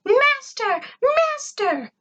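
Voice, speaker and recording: A woman voicing an overexcited little male robot servant with a squealing high voice. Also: big pitch swings, slow pace, dull audio, exaggerated voice. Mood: excited.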